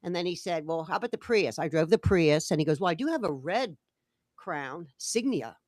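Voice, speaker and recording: Low-voiced woman telling a lively story. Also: moderate pace, dry recording, studio quality. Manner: animated storyteller acting out quoted dialogue. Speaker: co-host. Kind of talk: casual chat.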